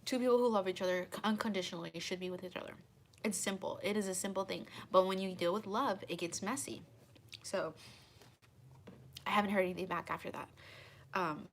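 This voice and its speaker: A woman hosting a tarot channel, telling viewers a personal story in an animated, dramatic way with lots of fillers. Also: on the low side, brisk, pauses often, slight background noise.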